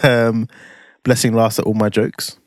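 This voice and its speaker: A man's voice: lowish voice, flat delivery, a little slow, no room sound. A man, co-hosting a casual podcast with joking, dry, teasing humour. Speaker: podcast co-host. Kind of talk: casual chat.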